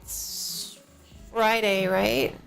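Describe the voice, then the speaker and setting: A woman's voice: mid-range voice, fairly even intonation, drawn-out words, vocal fry, fairly bright tone, clear, resonant tone. A woman live streamer chatting casually at her home desk setup, drowsy and yawning, a bit out of it and rambling, into a professional desk microphone. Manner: rambling, slightly out of it. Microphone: professional-grade desk microphone. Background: faint music from a neighbor.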